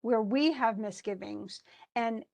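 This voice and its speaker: A woman's voice: a little high, slow pace, creaky, a little mellow. Chatty woman college English instructor. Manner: chatty, reads story passages aloud between comments; many fillers and restarts. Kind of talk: informal recorded lecture.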